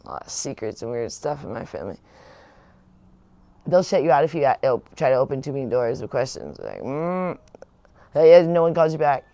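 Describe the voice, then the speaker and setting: Speaking fast and animated in a rumbling low, mellow voice, a channel host meanders through her personal stories with frequent laughs. The recording is dry, with no echo.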